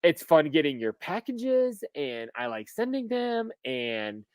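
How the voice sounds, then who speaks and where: Casual male co-host in his thirties, animated storyteller with a slightly high voice, dry close recording. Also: takes it slowly, clean tone, no room sound. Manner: animated storyteller, laughs often, swears freely. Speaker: podcast co-host. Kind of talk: casual chat.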